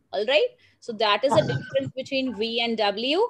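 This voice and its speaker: A woman's voice: on the high side, moderate pace. A woman teaching young children phonics, sounding out words and telling a simple story in a patient, coaxing way. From India.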